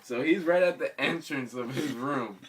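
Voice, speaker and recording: A young man tells his friends a casual story at a moderate pace, his medium-pitched voice captured from a distance. The talk is slangy and energetic, punctuated by laughter mid-story.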